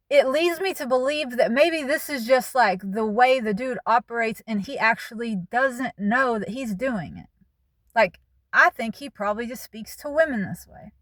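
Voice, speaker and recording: A woman's voice: fairly high pitch, fairly bright tone, no echo, clean studio sound. A woman giving a candid, emphatic spoken monologue as a channel host, talking plainly.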